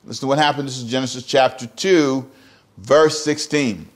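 A man's voice: mid-range voice, moderate pace. A man preaching a sermon as pastor, emphatic and repetitive, often asking the congregation direct questions.

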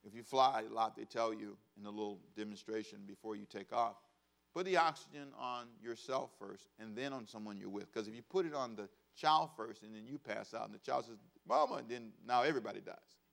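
A man's voice: on the low side, a little fast, gravelly, fairly bright tone. Humorous pastor, man, preaching conversationally. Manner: conversational, humorous, asks congregation to repeat phrases; acts out quoted voices of kids and parents. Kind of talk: sermon.

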